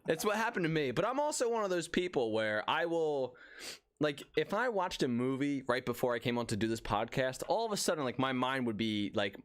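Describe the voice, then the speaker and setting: Young man from Northeast Philly, rambling casual podcast co-host, very animated pitch, dry sound. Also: a little fast, no echo. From Northeast Philadelphia. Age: young adult. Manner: rambling, chatty, lots of fillers.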